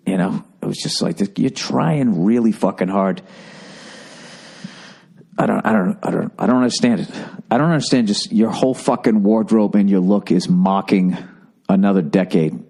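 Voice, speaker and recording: A man's voice: on the low side, a little mellow. Swearing, ranting Boston man. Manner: ranting, sarcastic, frequent swearing. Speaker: podcast host. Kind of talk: casual monologue.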